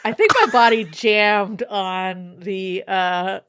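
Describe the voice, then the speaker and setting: A woman's voice: medium pitch, slow pace, clean tone, dry recording. A woman co-hosting a podcast, chatting casually and telling a spooky story with acted-out voices and frequent laughter. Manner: animated, laughs often, acts out voices in stories. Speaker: podcast co-host. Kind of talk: casual chat, dramatic storytelling.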